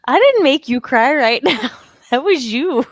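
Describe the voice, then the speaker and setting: A woman's voice: sits high, lively intonation, unhurried, dry recording. A woman on a video call chatting casually, dropping short dry quips. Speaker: guest. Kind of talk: casual group video chat.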